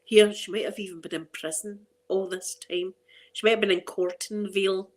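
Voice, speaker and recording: A woman's voice: mid-range voice, fairly even intonation, moderate pace. A middle-aged Scottish woman hosting an ASMR channel, chatting casually and rambling to her viewers. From Scotland. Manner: chatty and rambling, with frequent restarts and laughter.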